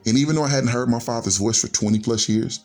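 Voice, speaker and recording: A man's voice: mid-range voice, fast talker, a little mellow, soft background music. A man in his forties telling his life story as a podcast guest, earnest and reflective, linking his thoughts with "and so". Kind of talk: personal storytelling.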